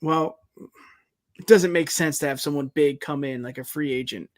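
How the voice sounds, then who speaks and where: A man's voice: a little high, normal speed, no room sound, studio quality. A man co-hosting a casual wrestling podcast, chatty and leaning on filler phrases. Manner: chatty, leans on filler like "you know" and "it's just like". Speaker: podcast co-host.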